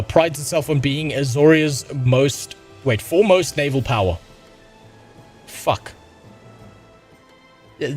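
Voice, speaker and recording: A man streams a game live and keeps up an exasperated, profanity-heavy running commentary. His voice sits at an ordinary middle pitch, and quiet game music plays beneath him.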